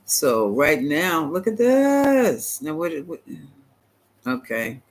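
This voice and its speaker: A man giving a live-stream tarot reading, chatty and animated, talking back to viewers and laughing often. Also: fairly high pitch, takes it slowly, low-quality recording. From United States. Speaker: tarot reader.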